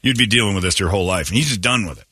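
A man's voice: racing, husky, dry recording, clean studio sound. A man hosting a casual morning radio show, joking and bantering with his co-host. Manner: animated, jokey, jumps into mocking high voices.

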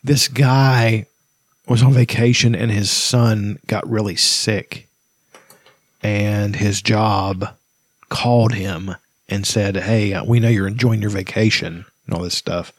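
A man's voice: on the low side, fairly even intonation, slow pace, no echo. A man co-hosting a casual podcast who tells heated, profane stories about bad jobs. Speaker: podcast co-host. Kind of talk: casual chat.

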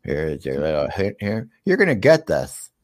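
Lively, low-voiced man hosting a comedy show. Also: moderate pace, loud music behind the voice. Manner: playful, deadpan teasing. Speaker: host.

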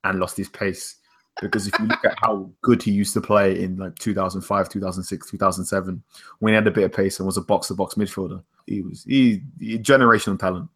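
Low-voiced man chatting football. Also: fairly even intonation, fast talker, fairly bright tone, husky. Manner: opinionated, names hero and villain of the week. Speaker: podcast co-host. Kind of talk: casual football podcast chat.

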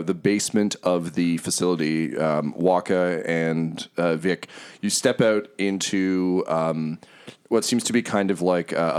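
Here is a man with a low, deep voice, narrating as game master for a tabletop role-playing session. He talks casually and hesitantly, filling his sentences with ums and uhs as he describes the scene. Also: clean tone.

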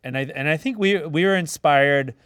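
Male host, middle pitch, jokey banter, dry close sound. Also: a bit bright, clean tone, no room sound. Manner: joking, quick. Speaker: podcast host. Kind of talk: casual podcast chat.

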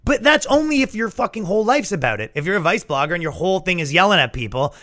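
A man hosting a podcast, riffing in a profane, animated comedic rant. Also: sits high, fast talker. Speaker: podcast host.

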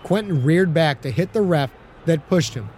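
Reading an audiobook at normal speed, a man delivers the story steadily. His voice is a bit higher than most men's, with a faint hum of noise beneath the recording.

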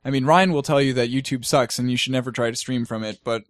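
A man hosting a casual gaming podcast, relaxed and laughing often as he tells stories. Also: medium pitch, quick pace, no echo, studio quality. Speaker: podcast host.

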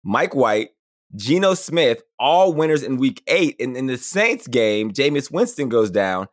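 Thirties male co-host, casual sports banter, mid-range voice, animated. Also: medium pitch. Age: 30s. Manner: animated, laughs often, quick asides. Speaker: podcast co-host.

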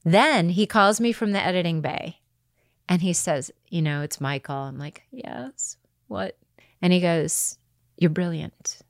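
A woman's voice: on the low side, a little slow, no room sound, clean studio sound. A middle-aged actress, a woman, telling anecdotes in casual chat and acting out the people she quotes. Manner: animated, acts out quoted people. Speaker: actress guest.

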